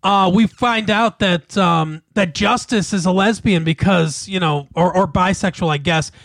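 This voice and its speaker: High-voiced man with dry agreeable asides. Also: a little slow, vocal fry, fairly bright tone. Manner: dry and agreeable, chiming in often. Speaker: podcast co-host. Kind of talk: casual movie review chat.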